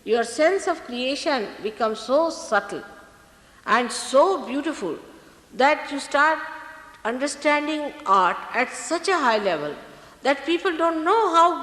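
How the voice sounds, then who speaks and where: Brief: woman spiritual teacher, animated storytelling voice, roomy hall with a long echo. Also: a little high. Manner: lively storytelling with repetitions. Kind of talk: spiritual talk to an audience. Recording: echoey hall archive recording.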